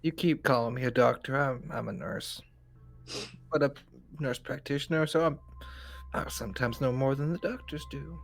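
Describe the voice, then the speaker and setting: A dry-witted, practical nurse woman voiced by a player in a tabletop game. She speaks matter-of-factly, in a mid-pitched voice. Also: moderate pace, gravelly, soft background music.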